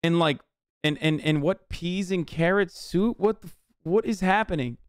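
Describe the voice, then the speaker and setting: A man's voice: high voice, moderate pace, smooth, no room sound, clean studio sound. A man casually reacting to a cooking show on a live stream, swearing and rambling with lots of fillers. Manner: profane, animated, rambling with many fillers.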